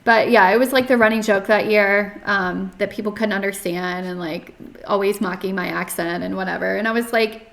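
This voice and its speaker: A woman's voice: medium pitch, steady tone, moderate pace, gravelly, fairly bright tone. A young woman from North Carolina, a podcast guest telling her story in casual talk, full of "like" and restarts. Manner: chatty, many fillers and restarts, frequent "like". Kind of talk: casual interview, personal story.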